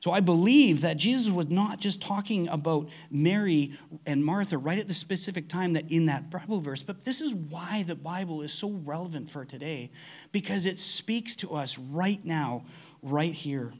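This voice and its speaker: A man's voice: a little high, moderate pace. A man preaching a conversational sermon, earnest, often restarting his sentences. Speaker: pastor.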